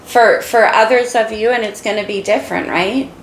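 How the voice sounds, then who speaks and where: A woman's voice: on the high side, fairly even intonation, normal speed, reverberant, slight background noise, rough recording. A woman giving an encouraging, emotional tarot reading while losing her voice. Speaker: tarot reader.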